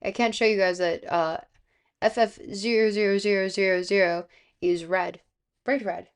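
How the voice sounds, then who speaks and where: A young woman from South Florida, streaming and chatting casually, with vocal fry and a slightly hoarse, sick voice, rambling with lots of fillers. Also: medium pitch, steady tone, measured pace. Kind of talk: casual live-stream chat. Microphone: close streaming microphone.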